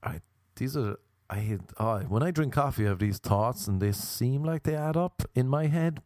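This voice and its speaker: A man's voice: mid-range voice, expressive, normal speed, a little mellow, no echo, studio quality. An Irish man delivering a rambling, sardonic comedic rant.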